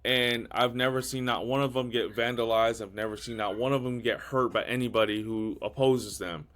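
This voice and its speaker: A man's voice: mid-range voice, fairly even intonation, normal speed, a bit bright. A man holds forth on a casual podcast, blunt and profane. He stumbles through repeated restarts before getting his point out. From California. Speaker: podcast host.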